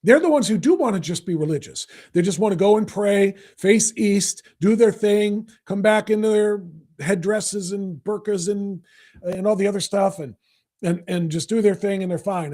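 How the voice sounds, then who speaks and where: A man hosting a political talk show, delivering an emphatic, repetitive monologue that builds to forceful outbursts. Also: sits high, moderate pace. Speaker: podcast host.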